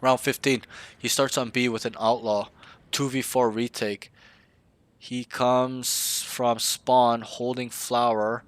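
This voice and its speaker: A man's voice: mid-range voice, level tone, slow, no echo. A man coaching a player in a casual game review, blunt and slangy, often swearing.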